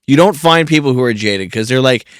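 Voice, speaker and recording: Male podcast host, smooth clear voice, laid-back, lots of fillers, dry sound. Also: medium pitch, fairly quick, dry recording. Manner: relaxed, laid-back, heavy on filler words. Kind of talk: casual conversation.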